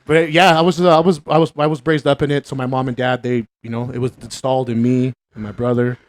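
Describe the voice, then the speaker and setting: A man's voice: medium pitch, fast, no echo, clean studio sound. A man chatting casually on a podcast, retelling movie scenes with lots of swearing and acted-out lines. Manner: animated, swears a lot, acts out movie lines in voices.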